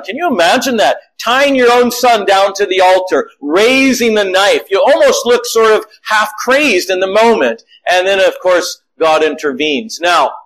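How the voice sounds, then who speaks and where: Middle-aged guy preaching, high voice, acts out little stories as he goes. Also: poor audio. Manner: animated storytelling, acting out quotes. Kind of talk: sermon.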